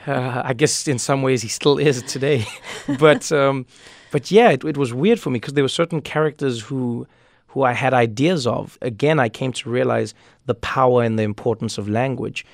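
Male guest, 30s, gravelly, dry close-miked studio sound, animated and quick-witted. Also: mid-range voice, no echo. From South Africa. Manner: animated storyteller, quick asides, repeats words when starting thoughts. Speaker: guest, comedian and author. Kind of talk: radio interview conversation.

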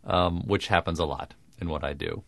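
A man with crisp, precise diction, talking in a dry, self-mocking way as a guest in a radio interview. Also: low-pitched, normal speed, a bit bright, no echo. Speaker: guest comedian.

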